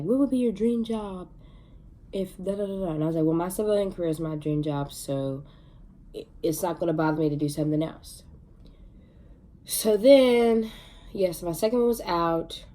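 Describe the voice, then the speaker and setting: A young woman vlogging, telling her own story in a chatty, excitable way with many fillers. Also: on the low side. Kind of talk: casual storytelling to camera.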